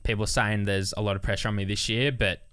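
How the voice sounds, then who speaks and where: A man's voice: on the low side, fast talker, no room sound, clean studio sound. A young Australian man, a racing driver, telling stories in casual chat and acting out the quotes. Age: young adult. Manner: animated storyteller, acts out quotes with swearing.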